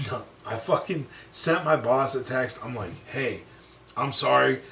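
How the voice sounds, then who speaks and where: A young adult man on a podcast, telling a story in casual talk, profane and animated, acting out what people said. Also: medium pitch, unhurried, gravelly, far from the mic, a loud crowd. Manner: profane, animated, acts out quotes. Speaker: podcast co-host. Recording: roomy echo, set back from mic, faint background noise.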